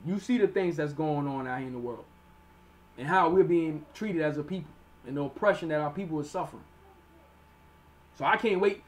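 Man, high voice, sermon teaching, slow verse reading, plain explanations, keeps checking in with listeners. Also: a bit bright. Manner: reads verses slowly then explains in plain street talk; repeats "all right?" to check on listeners.

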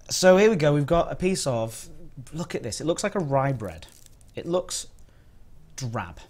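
A man's voice: medium pitch, a little mellow, breathy edge. A man chatting and joking on a live stream as he reviews biscuits, rambling with restarts. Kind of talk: casual live-stream chat.

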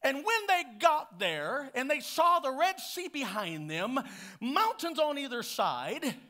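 A man preaching with a high, bright, ringing voice. He works the congregation in call-and-response, dropping to near whispers and then building up to full shouts. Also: big pitch swings, slow pace. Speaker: pastor. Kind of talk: sermon.

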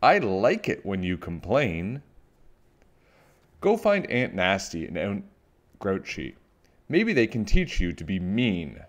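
Male reader playing a nasty mother witch, shrill and scolding, storybook villain. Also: huge pitch swings, slow, long pauses, heavily acted. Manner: screeching, scolding. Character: mean bossy mother witch, loud and shrill.

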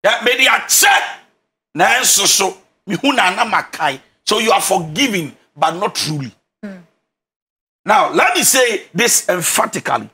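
A man's voice: high-pitched, big pitch swings, moderate pace, sharp tone. A man with a Ghanaian accent, a relationship counselor who gives advice in an emphatic, preacher-like way and repeats his key phrases. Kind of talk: animated counseling talk.

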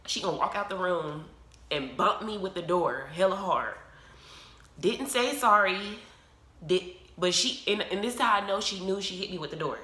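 A woman vlogger telling a personal story in a casual, animated way and acting out what people said. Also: fairly low pitch, normal speed. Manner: animated, emotional, acts out quoted dialogue. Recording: roomy echo.

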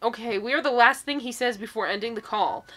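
A woman's voice: on the high side, fairly quick, bright, forceful tone. A woman in her twenties, a YouTuber reading social media posts aloud and reacting to them with sarcasm and incredulous outbursts. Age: 20s.

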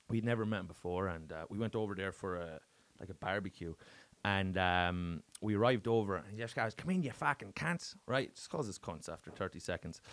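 Sweary Irish comedian telling stories. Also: male voice, fairly low pitch. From Ireland. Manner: swears freely, lively storytelling with bursts of emphasis. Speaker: comedian guest. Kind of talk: casual chat.

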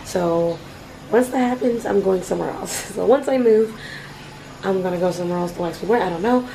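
A woman's voice: mid-range voice, normal speed, vocal fry. A woman travel vlogger chatting casually on camera, rambling with fillers and losing her voice. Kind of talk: casual vlog narration. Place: outdoors on a busy city street and beach. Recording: loud outdoor street noise. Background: loud city traffic and street noise.

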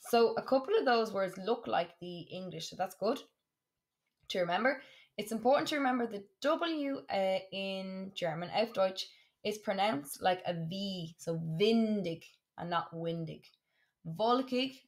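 A woman teaching a German lesson, saying words slowly and clearly and repeating them for practice. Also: mid-range voice. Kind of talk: classroom lesson for students.

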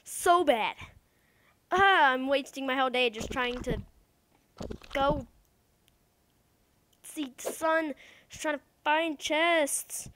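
A woman giving casual, excitable let's-play commentary, talking to the game's creatures and repeating words as she plays. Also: high-pitched, takes it slowly, long pauses. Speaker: gamer.

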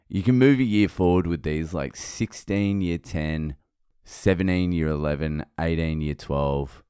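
A man's voice: very deep voice, dark tone, clean tone, no echo, clean studio sound. A man in his thirties, a comedian hosting a solo podcast monologue in a profane, exasperated ranting manner.

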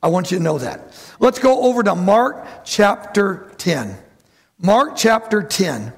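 A man preaching a lively sermon to his church, who acts out the voices of bible figures and calls out to the congregation. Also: high voice, measured pace, vocal fry, husky. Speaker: pastor.

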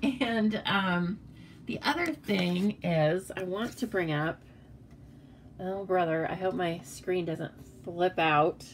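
An American woman demonstrates papercraft cards in a casual, chatty tutorial, rambling with fillers and correcting herself. Her voice is on the low side, she speaks slowly, and there's slight background noise.

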